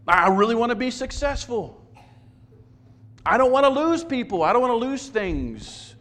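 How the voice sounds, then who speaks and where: A man's voice: very high-pitched, very animated, moderate pace, a bit bright. A man preaching a sermon as pastor, conversational and self-deprecating, often stumbling and repeating words.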